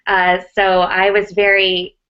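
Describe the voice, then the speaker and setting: A woman's voice: medium pitch, monotone, slow, a bit bright. An American woman answering interview questions casually, chatty with lots of fillers and restarts. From United States. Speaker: actress, interview guest. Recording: muffled lo-fi audio.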